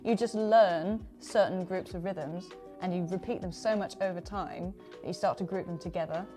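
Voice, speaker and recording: A woman's voice: lowish voice, normal speed, mellow, faint music behind. A woman teaching drums in a casual one-on-one lesson, counting beats aloud and checking the learner keeps up. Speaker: drum teacher.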